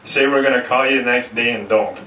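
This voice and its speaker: A man's voice: mid-range voice, steady tone, brisk, muffled recording, heavy background noise. A middle-aged man, doing a blunt, swearing stand-up set that slips between English and French. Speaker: stand-up comedian. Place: comedy club stage. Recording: echoey club room, mic heard from a distance.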